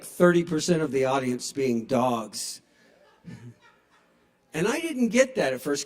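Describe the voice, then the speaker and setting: A man in his sixties with a fairly high-pitched voice performs stand-up in a small bar. Speaking into a stage microphone, he tells wry, profane stories.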